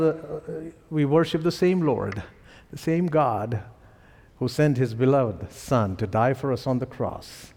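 Indian-accented male pastor, higher-pitched, lively sermon delivery, church reverb. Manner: animated storytelling with chuckles. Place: church sanctuary.

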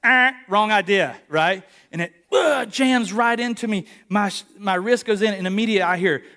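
Male pastor, late 30s, high-pitched, animated sermon storyteller, slightly breathless. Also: normal speed. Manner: storytelling, animated, calls for congregation response. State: short of breath from injured ribs. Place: church, live service.

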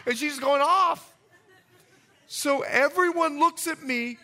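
A man preaching a sermon as pastor, telling a story with jokey asides and swinging between loud and hushed delivery. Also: very high voice, slow, pauses often.

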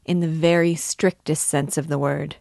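A playful young girl full of eager, teasing questions, as a woman reads her part. The voice sits low and is recorded close and dry. Her lines are lively and a little impatient. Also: normal speed, gravelly, dry recording. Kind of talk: audiobook character reading.

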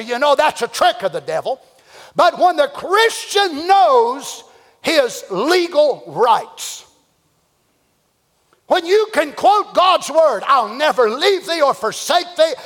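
A man preaching a sermon, swinging between folksy storytelling and shouted, drawn-out exhortation. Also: very high-pitched, long reverb tail. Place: church sanctuary.

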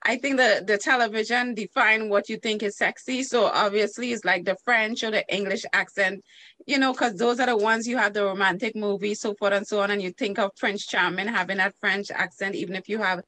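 A woman's voice: medium pitch, fairly quick. A woman from the Caribbean with a Caribbean accent, chatting playfully as a guest and laughing often. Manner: playful, laughing, animated storytelling. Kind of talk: casual chat.

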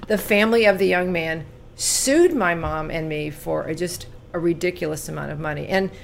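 A woman in her sixties from California recounts her past as an interview guest. Her low voice has a gravelly edge, and she turns earnest and lively in the telling, then goes quiet on the painful parts. A faint noise sits under the recording. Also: normal speed. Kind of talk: personal storytelling in an interview.

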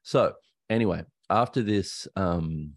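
A man with an Australian accent hosting a podcast, telling a personal story in a candid, halting way that often stops to correct himself. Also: sits low, no room sound, clean studio sound. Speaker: podcast host.

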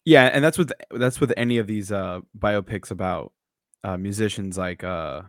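A man on a podcast panel, talking in a halting, searching way with many pauses. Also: fairly low pitch, no room sound, studio quality. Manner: halting, full of "uh" and restarts. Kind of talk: casual chat.

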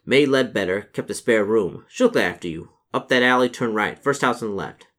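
A man's voice: on the low side, expressive, a little fast, a bit bright. A man voicing a laconic rural coach driver with folksy, drawling speech, close to his own voice. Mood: matter-of-fact.

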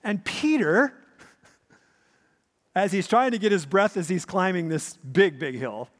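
A pastor preaching a sermon, with a very lively and animated delivery that tells the story vividly and repeats each point. His voice sits fairly high for a man. A long church-hall reverb trails every phrase. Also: measured pace.

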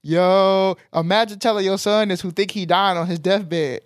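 A young man tells a story on a podcast, animated and emphatic. His voice sits fairly high for a man. The sound is close and dry, with no room echo. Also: brisk. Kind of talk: casual storytelling chat.

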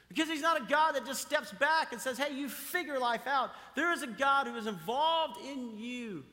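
A pastor delivers an emphatic sermon in a high, forceful voice, hammering his points home by repeating them and asking the congregation questions. His words ring out with the long reverb of a large church sanctuary.

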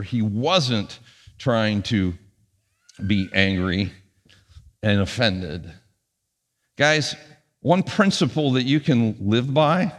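A pastor delivers his sermon with lively, punchy emphasis, then drops into quiet asides. He has a middle-pitched man's voice. The sound rings with the long reverb of a church sanctuary. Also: a little slow.

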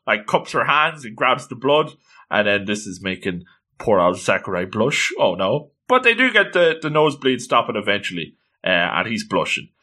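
A man's voice: mid-range voice, pushed and bright. A man casually recapping a story with playful, jokey asides.

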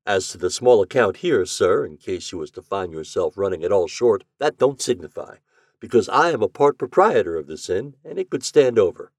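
A man's voice: lowish voice, animated, moderate pace, no room sound, clean studio sound. A man voicing a polite, deferential hotel servant who keeps dropping his voice on "sir".

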